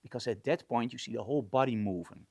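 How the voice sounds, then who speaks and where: A man's voice: mid-range voice, fast, creaky, a little mellow, no echo. A man explaining a studio lighting setup as a photography instructor, in an enthusiastic, conversational way.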